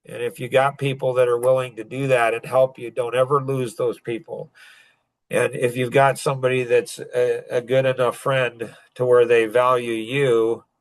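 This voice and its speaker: Middle-aged guy rambling earnestly, mid pitch, dry close sound. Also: dry recording. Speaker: self-improvement speaker. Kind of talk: personal storytelling talk.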